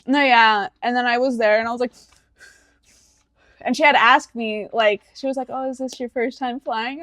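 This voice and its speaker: A woman's voice: on the high side, fairly bright tone, no echo, clean studio sound. A woman in her twenties, co-hosting a podcast and telling a personal story animatedly, slipping into the voices of the people she quotes. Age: 20s. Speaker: podcast co-host. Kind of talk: casual chat.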